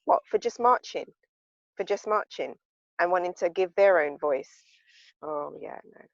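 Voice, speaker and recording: A woman's voice: on the low side, animated, measured pace, dry recording. A woman joins a group discussion over a video call, her voice carried through muffled, lo-fi audio. She talks with heavy emphasis, often repeating words to drive a point home. The sound is very dry, with no room around it. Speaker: discussion participant.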